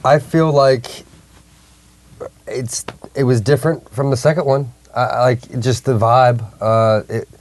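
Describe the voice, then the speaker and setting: A man co-hosting a casual TV recap podcast, rambling and halting, laughing mid-sentence. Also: mid-range voice, steady tone, darkish tone. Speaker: co-host.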